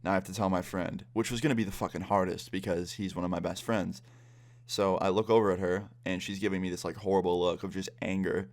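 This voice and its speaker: A man's voice: low-pitched, level tone, brisk. A young man casually telling a story on his vlog, blunt and profane. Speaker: vlogger.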